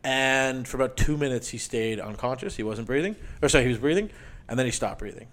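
A man's voice: mid-range voice, fast, fairly bright tone. A man telling a dramatic personal story in casual chat, rambling with lots of "like" and restarts, emotional enough to get choked up. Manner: rambling, heavy use of "like", restarts often.

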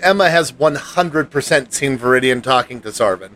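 Bright-voiced male game master. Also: medium pitch, expressive, normal speed, slight background noise. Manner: chatty, laughs often, makes rulings between characters. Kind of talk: running a tabletop game.

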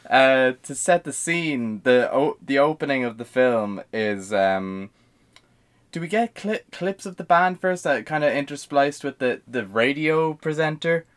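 A man's voice: mid-range voice, animated, measured pace. Rambling, swearing man on a podcast. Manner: rambling, swears freely, many fillers and restarts. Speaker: podcast co-host. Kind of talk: casual chat.

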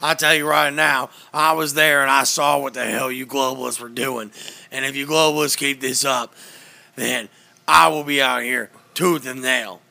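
A man's voice: mid-range voice, steady tone, moderate pace, gravelly, pushed and bright. Man doing a ranting conspiracy radio host. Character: blustering male conspiracy radio host, middle-aged. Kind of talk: comedic impression.

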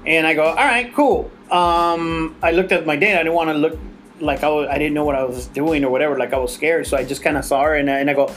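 Male host, forties, casual raconteur, swears, lively quoting voices. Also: fast, faint music behind. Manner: animated, acts out quotes in a higher voice; swears freely, laughs while telling stories. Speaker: podcast host. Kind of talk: casual storytelling chat.

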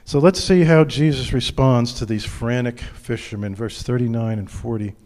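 A male pastor preaching a sermon in an earnest, personal way, dropping his voice low when he speaks of his own struggles. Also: normal speed, darkish tone, big-room sound.

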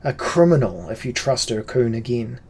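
A man's voice: mid-range voice, very animated, moderate pace, darkish tone, breathy edge. A man reading an audiobook, voicing an anguished noble young woman who pleads with her lover. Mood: pleading. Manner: pleading, raised and emotional.

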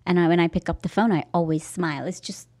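A woman's voice: on the low side, fast talker. Candid laughing woman podcast host. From Las Vegas area. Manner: laughs often, warm and candid. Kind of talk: casual podcast chat. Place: podcast studio. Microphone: studio headphones and mic.

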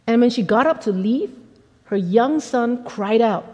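High-voiced woman pastor preaching in a hall. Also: normal speed. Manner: conversational, animated, acts out quotes. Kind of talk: sermon.

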